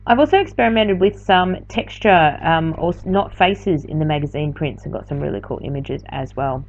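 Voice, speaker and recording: A woman's voice: deep voice, expressive, normal speed. Tired, chatty woman teaching crafts. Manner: chatty, rambling, self-correcting. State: tired, yawning late at night. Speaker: art journaling teacher. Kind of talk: casual craft tutorial voiceover. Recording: slightly dull lo-fi sound.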